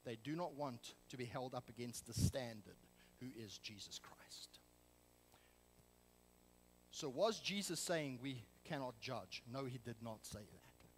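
A man's voice: medium pitch, animated, moderate pace, hardly any pauses, in a large hall, a little hiss or hum, poor audio. A man preaching a sermon as pastor, emphatic and full of rhetorical questions. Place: church sanctuary.

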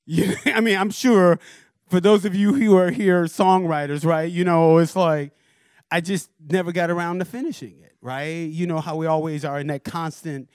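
A man, a record producer and guest speaker, telling a lively story at a university forum, acting out voices and chuckling often. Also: on the high side, no room sound, studio quality. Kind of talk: animated storytelling talk.

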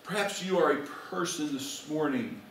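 A man's voice: fairly high pitch, expressive, moderate pace, slight background noise. A male pastor preaching a sermon to his congregation, asking them direct questions. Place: church sanctuary. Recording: very echoey church recording from far off.

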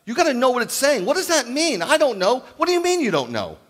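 A man in his fifties preaching as a rabbi, telling stories with jokes and acting out the dialogue in an animated sermon. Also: extremely high pitch, fast. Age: 50s. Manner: animated, jokey, acts out quoted dialogue. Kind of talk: humorous storytelling sermon.

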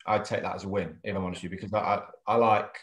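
A man's voice: sits low, fairly even intonation, rapid-fire, echoey room. An English man co-hosting a casual chat, talking readily with frequent restarts and easy laughs. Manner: chatty, laughs easily, restarts often. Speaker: co-host of a collectors' chat show. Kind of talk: casual video-call chat.

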